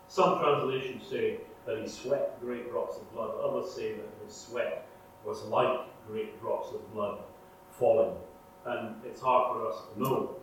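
A man preaching a sermon in an earnest way, swinging between loud emphasis and hushed, prayerful lines. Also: medium pitch. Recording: echoey room, mic far off, faint hum.

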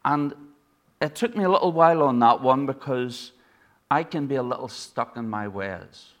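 An Irish man with an Irish accent preaches a sermon in a mid-range voice at normal speed. He keeps it conversational, telling stories and putting rhetorical questions to the congregation.

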